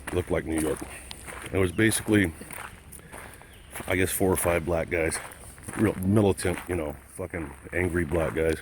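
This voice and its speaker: A man's voice: low-pitched, background noise. A man vlogging outdoors, ranting angrily and profanely in a rambling, casual way. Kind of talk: casual rant to camera.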